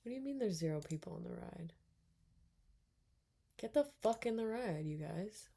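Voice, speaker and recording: A young woman giving casual let's-play commentary, reacting out loud, muttering to herself and swearing a lot. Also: medium pitch, lively intonation, normal speed, creaky, husky. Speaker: gaming streamer.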